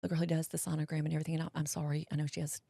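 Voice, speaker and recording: A woman's voice: low-pitched, very fast, gravelly, no room sound, studio quality. A middle-aged woman, a guest telling a personal story in an interview, acting out what people said to her. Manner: animated storyteller acting out quotes, drawling voices.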